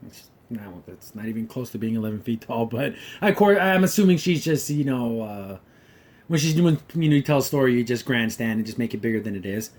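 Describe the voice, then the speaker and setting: This podcast host has a medium-pitched, slightly mellow voice that's expressive and brisk. His take on a cartoon episode wanders loosely, peppered with "kinda" and "like," and he stays wry and critical throughout.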